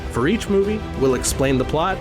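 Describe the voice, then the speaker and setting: Lively upbeat man in a podcast promo. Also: fairly high pitch, brisk. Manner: upbeat and jokey. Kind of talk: scripted comedy podcast promo. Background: music.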